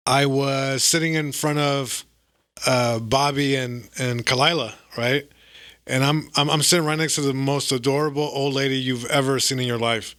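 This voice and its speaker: Bright, laughing male storyteller. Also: mid-range voice, no room sound, clean studio sound. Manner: animated, laughing storyteller with many fillers and restarts. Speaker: comedian guest. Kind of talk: casual storytelling.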